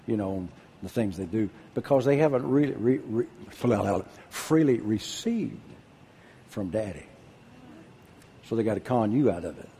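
An older man preaching a sermon, husky-voiced, dropping to a hush and then calling out loud. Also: fairly low pitch, slight background noise. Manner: animated preaching, drops to a hush then shouts out. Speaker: pastor.

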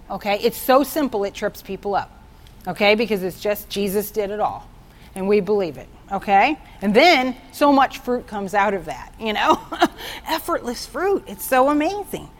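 A woman teaching from the Bible in an informal, excitable way, telling personal stories and often checking in with "okay?". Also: medium pitch. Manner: excitable, chatty, keeps asking "okay?"; tells personal stories to make a point.

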